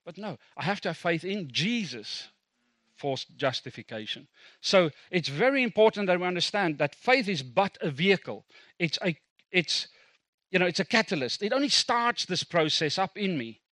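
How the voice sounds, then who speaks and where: A man's voice: sits high, sing-song, normal speed, bright, forceful tone, no echo. A middle-aged South African man, a native Afrikaans speaker, preaching a sermon as a pastor in a conversational, self-deprecating way with asides to the congregation.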